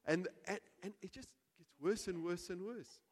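A man preaching a sermon as pastor, telling a story with big swings between hushed and loud delivery. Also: high-pitched, normal speed. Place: church hall. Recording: reverberant church hall.

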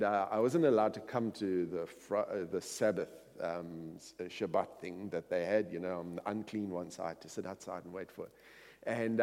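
Middle-aged male preacher, rambling anecdotal delivery, lively pitch, long hall reverb. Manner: rambling anecdotal with many fillers. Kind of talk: storytelling sermon.

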